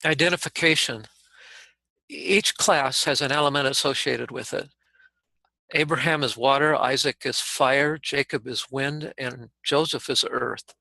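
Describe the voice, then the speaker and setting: A man reading an explanatory text aloud in a steady, even way. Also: medium pitch, measured pace, vocal fry, no room sound, low-quality recording. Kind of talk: scripted reading.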